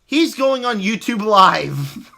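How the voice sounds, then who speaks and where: A man reviewing a film in a casual spoken rant, sarcastic and mocking, swinging between animated exasperation and flat disbelief. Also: high-pitched, takes it slowly, creaky.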